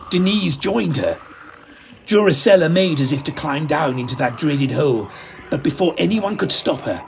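A man's voice: a little high, creaky, a little hiss or hum. A man narrating a comic mystery in a theatrical, camp manner. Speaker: storyteller.

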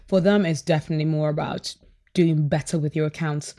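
A host works through a stack of posts, reading each one at a steady, measured pace. Between quotes come short reactive asides. The voice sits at a middle pitch. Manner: reacts to quotes with brief exclamations. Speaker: host recapping a social media chat.

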